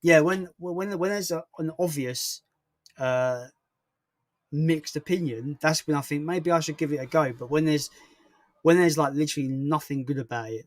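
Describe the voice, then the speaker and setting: A man's voice: mid-range voice, no echo, studio quality. A young man hosting a casual livestream and chatting through viewer comments in a rambling, self-deprecating way. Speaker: livestream host.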